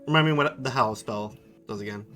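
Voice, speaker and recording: A man's voice: medium pitch, quick pace, pushed and bright. A man, game master, narrating a tabletop game and often restarting his sentences. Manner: hesitant, restarts often while describing. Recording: music bed under voice.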